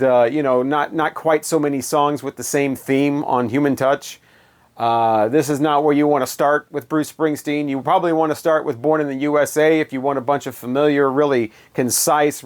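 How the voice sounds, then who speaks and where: A man reviewing albums in a casual, rambling way with many fillers and wry asides. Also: mid-range voice. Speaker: music reviewer.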